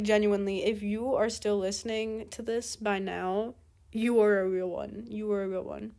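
Her mid-range voice a little mellow, a teenage girl podcast host talks alone in a casual, exasperated rant, full of swearing and rhetorical questions.

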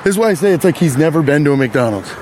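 Animated, profane podcast host ranting outdoors. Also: male voice, fairly high pitch, rapid-fire, slight background noise. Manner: animated, profane, riffs on his own story. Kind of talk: casual storytelling rant. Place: outdoors on a city street.

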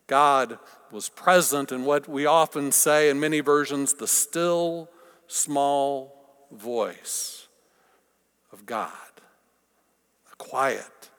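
A pastor preaching a sermon, swinging from forceful lines down to hushed whispers. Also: male voice, a little high. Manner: dramatic swings from loud to whispered. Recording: long reverb of a large hall.

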